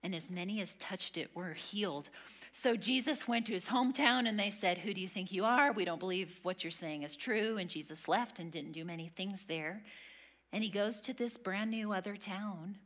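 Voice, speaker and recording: A woman teaching a women's Bible study, earnest and emphatic, sometimes dropping to a hush. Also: mid-range voice, moderate pace. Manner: earnest, emphatic, drops to a hush on key lines.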